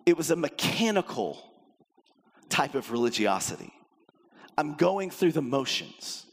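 Animated pastor preaching in a reverberant hall. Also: male voice, unhurried, slightly rough. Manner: animated, emphatic, with sudden drops to a low intense voice. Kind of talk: sermon. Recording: long reverb of a large hall.

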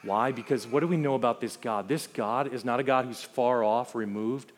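A man's voice: mid-range voice, normal speed. A man preaching a sermon as pastor, emphatic, building through repeated lists and rhetorical questions. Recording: long reverb of a hall.

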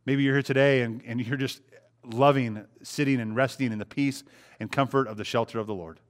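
A man's voice: medium pitch, steady tone, a little fast. A man preaching a sermon in a conversational way, asking the congregation rhetorical questions and acting out short quotes. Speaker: pastor.

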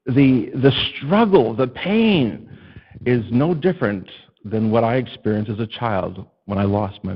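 Husky-voiced pastor preaching with fervor. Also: male voice, medium pitch, dull audio. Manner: animated storytelling, acts out a child's panicked screams. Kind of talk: sermon.

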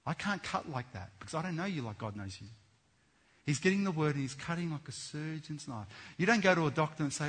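Fervent husky-voiced male preacher. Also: fairly high pitch, expressive, fast talker. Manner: swings between loud fervent exhortation and hushed earnest tones. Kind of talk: sermon.

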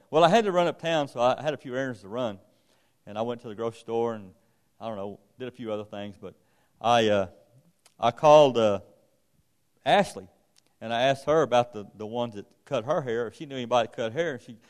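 A man giving an informal sermon, telling a rambling personal story in a folksy way with many restarts. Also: medium pitch. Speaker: preacher.

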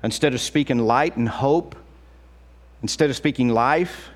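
A middle-aged man preaches a sermon with animation and a conversational tone, acting out quotes as he goes. His mid-range voice moves a little slowly.

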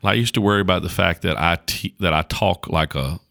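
A man with a low voice and a rural North Carolina accent speaks as a pastor in a relaxed interview. His delivery is folksy and earnest, bright and forceful in tone, and he often restarts his sentences. The recording is close and dry. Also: a little fast, gravelly, no echo. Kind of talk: casual conversational interview.

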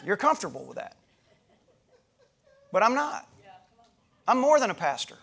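A man's voice: sits high, very animated, normal speed, vocal fry, a bit bright, breathy edge. A middle-aged man from the United States, a pastor preaching a sermon, retelling a conversation in a loose, conversational way with frequent restarts. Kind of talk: sermon storytelling.

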